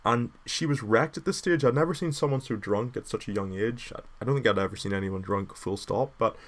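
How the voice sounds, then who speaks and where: A man's voice: on the low side, fairly quick. A young man, telling a casual story in a rambling, self-deprecating way full of filler words.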